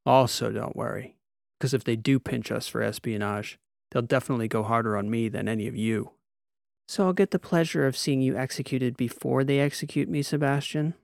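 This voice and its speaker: A wry, jittery woman doctor in a sci-fi audiobook, as a male narrator puts her on, her voice lifted well above his own gravelly tone. She sounds dry and close, with no room around her. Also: a bass voice, brisk, a little mellow, no room sound. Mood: wry, nervous. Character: nervous sardonic female doctor. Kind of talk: audiobook character voice.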